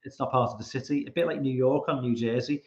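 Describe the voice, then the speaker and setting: Casual podcast guest: man, rambling and self-repeating, mid-pitched voice, recorded in an echoey room on dull lo-fi audio. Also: fairly even intonation, fast, a little mellow. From England. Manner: rambling, repeats words while thinking. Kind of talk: casual chat. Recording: roomy, dull lo-fi sound.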